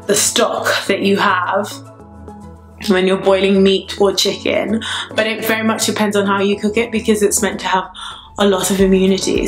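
A woman from Nigeria talks to camera in her apartment, excitable and a little breathless. Her voice sits at a middle pitch. The room adds a noticeable echo, with faint music behind. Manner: chatty and excitable. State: a bit out of breath. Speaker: vlogger. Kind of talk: casual vlog to camera.

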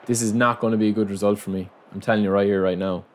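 A young man giving running commentary over his own football video game, muttering to himself and breaking into loud outbursts of frustration. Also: on the low side, fairly even intonation, rapid-fire. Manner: frustrated, muttering self-talk that bursts into loud outcries at the game. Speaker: gaming channel host.

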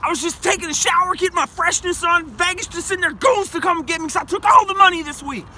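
A man's voice: extremely high pitch, quick pace, noisy background. A young man hosting a comedic sports betting vlog, brash, boastful and profane, recorded outdoors in a parking lot. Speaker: sports picks vlogger.

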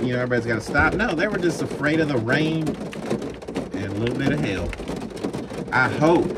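A man's voice: mid-range voice, heavy background noise. Heated, profane trucker ranting from his cab. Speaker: truck driver vlogger. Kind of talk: ranting vlog while driving.

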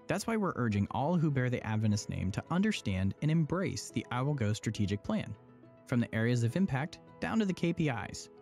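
Persuasive upbeat male presenter, lively intonation, faint music bed. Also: mid-range voice. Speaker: church promo presenter. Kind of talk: scripted explainer dialogue.

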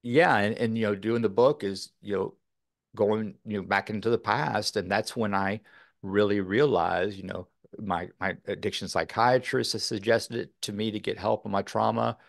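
A man's voice: lowish voice, moderate pace, vocal fry, dry recording, clean studio sound. A man from Texas, a podcast guest, talking earnestly in a rambling way with many fillers. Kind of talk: casual interview talk.

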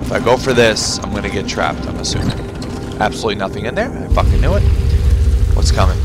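Gamer guy, lively pitch, sarcastic and profane running commentary, game music playing underneath. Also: fast talker. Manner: swearing, sarcastic, muttering to himself. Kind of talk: profane let's play commentary.

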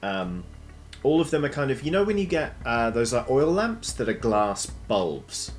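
A man's voice: medium pitch, big pitch swings, a little slow, soft background music. A man running a tabletop game as dungeon master, rambling with many ums and restarts.

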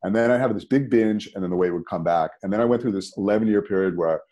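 A man, a podcast guest telling a personal story in a conversational, animated way. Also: fairly low pitch, fast talker. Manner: animated, rises sharply when emphatic.

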